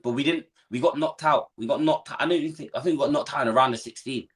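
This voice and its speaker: A man's voice: medium pitch, very fast, a bit bright. A young man co-hosting a football watchalong, talking in casual slangy banter and getting worked up about rival fans.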